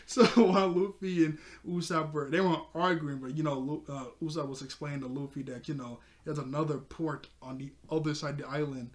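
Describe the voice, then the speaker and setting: A man's voice: on the high side, fairly even intonation, brisk, few pauses. A man recapping an anime episode in a rambling, casual way, chuckling often and leaning on fillers. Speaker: anime review host.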